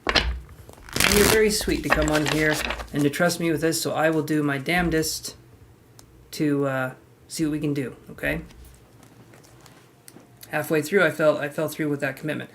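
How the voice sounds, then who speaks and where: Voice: medium pitch, steady tone, normal speed, long pauses, fairly bright tone, a little hiss or hum. A tarot reader giving a casual live-streamed reading, chatty and talking straight to the viewer with frank asides.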